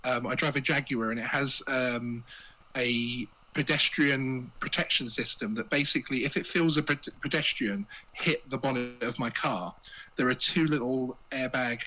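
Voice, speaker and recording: A man's voice: mid-range voice, normal speed, sharp tone, low-quality recording. A man, a guest chatting casually with jokey asides and repeated words as he gets going. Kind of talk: casual chat.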